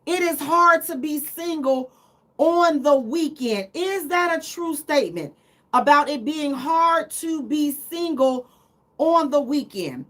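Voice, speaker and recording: A woman's voice: sits high, animated, takes it slowly, fairly bright tone. A middle-aged woman hosting a live radio talk show, telling teasing, self-mocking stories in a casual chat.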